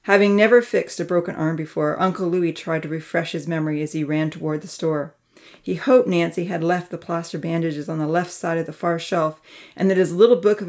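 Lowish woman narrating a children's story. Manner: expressive, lifts her voice high for the children's dialogue.

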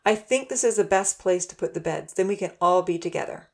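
A woman voicing a shy, polite little girl with a soft, high, hesitant voice. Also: brisk, natural voice. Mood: timid.

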